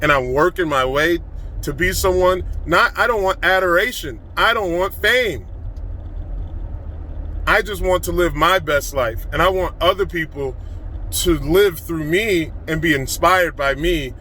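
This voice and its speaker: A man giving an excited, emphatic motivational rant to his phone camera, recorded in a car. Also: a little high, slight background noise. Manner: excited, fast-flowing, emphatic. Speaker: vlogger.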